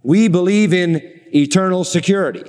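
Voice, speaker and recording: A middle-aged man preaching a sermon, slowing down for emphasis and asking the congregation rhetorical questions. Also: sits high, darkish tone, long reverb tail.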